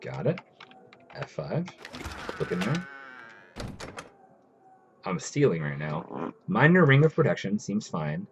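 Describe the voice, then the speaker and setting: Low-voiced man streaming a game. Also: big pitch swings, slow, long pauses, highs cut off, slight background noise. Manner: chatty, reads game text aloud. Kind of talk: casual live game commentary.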